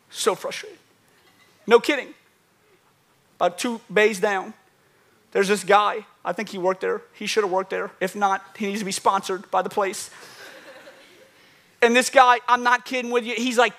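A preacher man delivers an animated sermon. His voice sits high and bright, and he keeps calling out to the congregation and acting out little asides along the way. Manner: animated preaching with acted asides and call-outs. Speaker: pastor.

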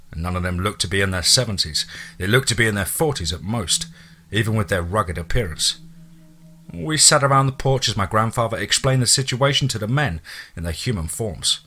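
A man narrating a first-person horror story in a casual, profane way, with a husky voice. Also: fairly low pitch, animated, brisk, pushed and bright.

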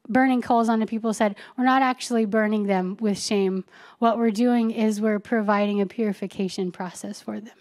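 A woman's voice: medium pitch, fairly even intonation, moderate pace, darkish tone. A woman pastor giving a conversational sermon, telling everyday stories with chatty asides and reading scripture.

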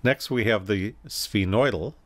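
A man giving a recorded anatomy lecture, calmly explaining and pointing through slides with occasional self-corrections. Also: on the low side, a little slow. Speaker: anatomy instructor.

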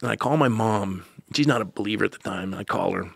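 A pastor, telling a personal story as a podcast guest, earnest with joking asides. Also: male voice, fairly low pitch, fast talker, vocal fry, breathy edge, dry recording, clean studio sound. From United States.

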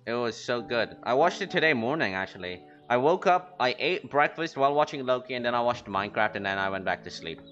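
A man streaming a game, rambling casually to his chat with quick excited outbursts. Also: mid-range voice. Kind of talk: casual gaming commentary. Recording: lo-fi stream audio with faint music.

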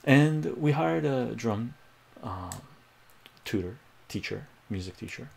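A man's voice: mid-range voice, lively intonation, slow, gravelly, breathy edge. A man on a livestream, telling a rambling personal story and chatting casually with viewers. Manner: rambling, acts out quoted voices, chats with viewers. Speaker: livestream math tutor.

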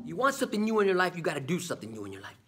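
A man's voice: fairly high pitch, big pitch swings, rapid-fire, loud music behind the voice. A man hosting his own vlog, giving a motivational talk to the camera with preachy repetition and call-and-response questions. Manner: preachy, repeats "man" and "come on". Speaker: vlog host.

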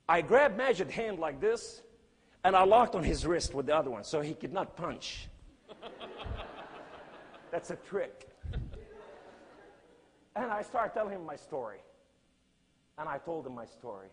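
A man preaching a sermon and telling a story in emphatic, non-native English, swinging between loud cries and hushed lines. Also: a little high, animated, a little slow, pauses often, long reverb tail, slight background noise.

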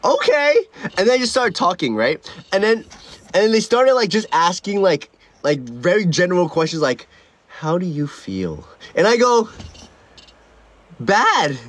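Young male streamer, slightly high-pitched, loose rambling storyteller who stumbles and repeats himself. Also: sing-song, normal speed, fairly bright tone. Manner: rambling, many restarts and repeated words. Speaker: livestreamer. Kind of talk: casual livestream storytelling. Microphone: own streaming mic.

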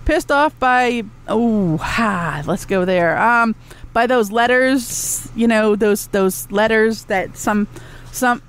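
A high-pitched woman rants on her own podcast, blunt and profane. She throws sarcastic asides to her listeners in the chat room. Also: slow pace, clean tone. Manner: talks back to a chat room. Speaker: podcast host. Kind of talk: ranting solo podcast talk.

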